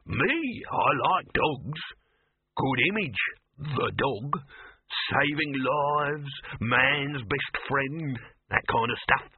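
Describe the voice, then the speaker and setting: A man voicing a pushy male showbiz huckster with oily, loud salesman patter and a husky voice, on a dry, tinny recording. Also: mid-range voice, animated, drawn-out words, no echo, voice pushed up, exaggerated voice. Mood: wheedling. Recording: dry, tinny phone-like sound.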